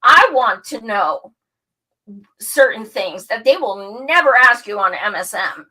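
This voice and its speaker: Lady host chatting, swears a lot, bright sharp voice kinda high. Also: a little slow, low-quality recording. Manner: candid and profane, animated storytelling. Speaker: show host. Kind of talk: casual chat.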